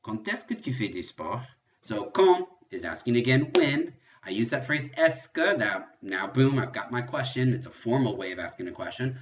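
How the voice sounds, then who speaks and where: A man's voice: mid-range voice, lively intonation, normal speed, dull audio. A man teaching a virtual French lesson, explaining step by step and moving between English and French. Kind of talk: virtual classroom lecture.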